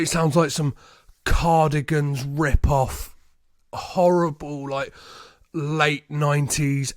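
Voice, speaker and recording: A man's voice: a little high, no room sound, studio quality. A man, hosting a podcast and reviewing a film in a casual, sweary, mocking way with frequent laughter. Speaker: podcast host.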